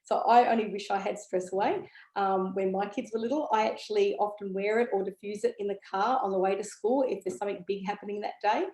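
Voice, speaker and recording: A woman with a medium-pitched, steady, mellow voice talks quickly. As an essential oil educator, she gives an enthusiastic, casual product talk to camera, full of ums and okays, in an echoey room.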